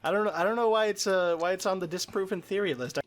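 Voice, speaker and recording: A man's voice: high-pitched, quick pace. A man hosting a casual reaction chat with friends, playful and argumentative, swearing often. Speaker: host of a reaction show.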